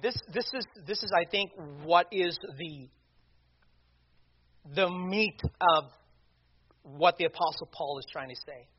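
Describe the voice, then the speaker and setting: A man preaching a sermon, deliberate and emphatic, asking rhetorical questions. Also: high-pitched, slightly rough. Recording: dull lo-fi recording.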